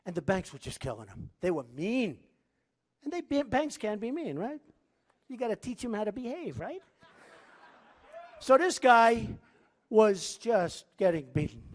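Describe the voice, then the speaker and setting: A man's voice: high voice, very animated, a little slow, long pauses. Boastful man giving a rambling rally speech. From United States. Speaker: political candidate speaking at a rally. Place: large indoor rally venue.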